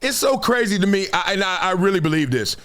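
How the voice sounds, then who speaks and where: Animated, high-voiced man hosting commentary. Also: quick pace. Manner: animated storytelling, acting out quotes. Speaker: show host. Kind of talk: casual commentary.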